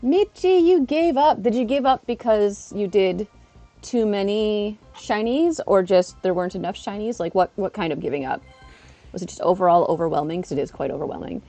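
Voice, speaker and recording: A woman live streaming in casual chat, chatty and excitable, eating while she talks. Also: mid-range voice, moderate pace, faint music behind.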